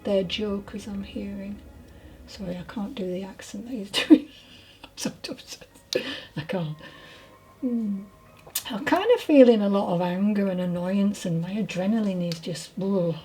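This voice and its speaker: A woman giving a channelled mediumship reading, hesitant and apologetic, often dropping into soft whispered asides. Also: mid-range voice, normal speed, soft background music, low-quality recording. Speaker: spiritual medium.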